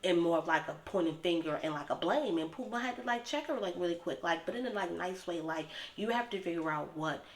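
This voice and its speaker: A woman's voice: fairly low pitch, expressive, brisk, hardly any pauses. A woman giving a casual, rambling recap of a TV episode, her talk packed with filler words. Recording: roomy echo with faint ambience.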